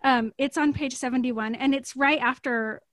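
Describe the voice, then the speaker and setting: A woman's voice: high-pitched, steady tone, moderate pace, a bit bright, no echo, studio quality. A woman chatting about a book in a rambling, exasperated way. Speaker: book club podcast co-host. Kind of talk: casual chat.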